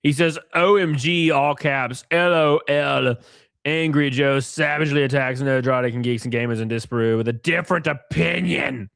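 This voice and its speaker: A man's voice: medium pitch, normal speed, gravelly, no echo, clean studio sound. A man live-streaming, reading posts aloud and ranting at them in a mocking, profane way while drinking. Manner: mocking, profane, animated rants.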